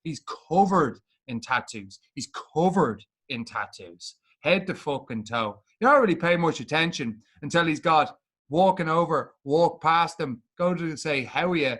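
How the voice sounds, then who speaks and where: A man's voice: on the high side, expressive, unhurried, fairly bright tone, husky. A man co-hosting a podcast, chatting bluntly and swearing a lot while telling a story. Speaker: podcast co-host. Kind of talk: casual chat.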